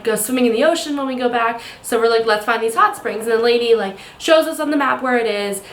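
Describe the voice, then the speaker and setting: A woman's voice: a little high, a bit bright, a little hiss or hum. A young woman narrating her travel vlog in a casual, rambling way, acting out what people said. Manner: chatty, rambling storytelling with quoted voices. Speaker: travel vlogger.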